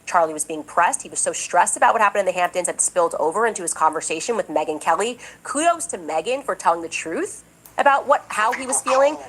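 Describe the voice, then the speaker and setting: A woman's voice: mid-range voice, a bit bright, slight background noise, poor audio. A woman commentator delivering a podcast monologue, emphatic and indignant, repeating her points insistently. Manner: mocks others in a raised, exaggerated voice. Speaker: political commentator.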